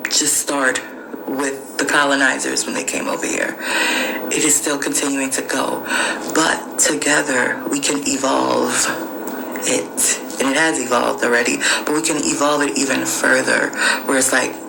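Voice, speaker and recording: Gravelly preachy woman, noisy recording. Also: a bass voice, flat delivery, measured pace. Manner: preachy, emphatic and repetitive. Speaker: podcast host. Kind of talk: motivational spiritual monologue.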